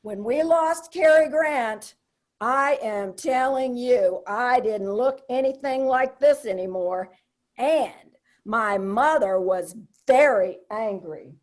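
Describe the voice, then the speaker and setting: A woman's voice: a little high, takes it slowly. An older woman performing a comedic solo stage monologue, wry and confiding, with punchy asides.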